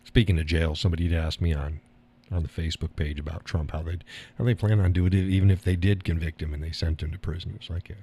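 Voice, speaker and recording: A man's voice: low voice, fairly even intonation, quick pace, mellow, breathy edge. A man hosting a live stream, chatting casually and answering his viewers with frequent laughs. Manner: rambling, laughs often, reads and answers chat.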